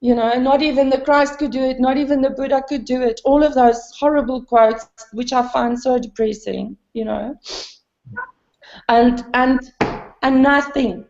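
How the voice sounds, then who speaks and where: A woman's voice: high voice, steady tone, normal speed, darkish tone, roomy sound, highs cut off. A woman talking candidly in a spiritual gathering, rambling and self-deprecating with many fillers. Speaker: satsang participant.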